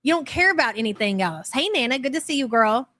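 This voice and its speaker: A woman's voice: high-pitched, animated, quick pace, a bit bright. A woman hosting a live reaction stream, talking bluntly and mockingly with plenty of profanity. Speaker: commentary channel host.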